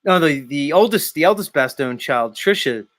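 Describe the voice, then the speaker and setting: A man's voice: fairly high pitch, expressive, normal speed, a bit bright, no room sound. A man hosting a casual chat, teasing and sardonic.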